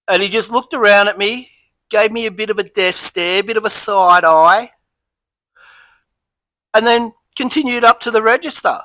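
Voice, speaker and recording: A man's voice: high voice, pushed and bright, dry recording, low-quality recording. An Australian man casually reviewing a beer and rambling through a story, chatty and easygoing.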